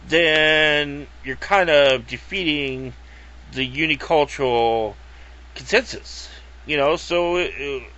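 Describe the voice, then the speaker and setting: A man's voice: a little high, a bit bright, lo-fi sound. A man ranting casually to camera in a rambling, profane way, full of fillers and acted-out quotes. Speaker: video blogger.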